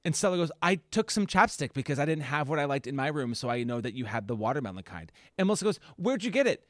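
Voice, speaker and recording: A woman in her thirties co-hosting a film podcast, telling stories with lots of swearing and quick restarts. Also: extremely low pitch, dry recording, clean studio sound. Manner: animated storyteller, swears freely. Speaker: podcast co-host. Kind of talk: casual film discussion.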